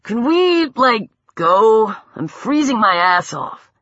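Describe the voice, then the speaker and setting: A woman's voice: a little high, very animated, slow pace, fairly bright tone, no echo, heavily acted. A woman voicing a cold, impatient teenage boy whose voice is muffled by his parka hood. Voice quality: muffled, whiny.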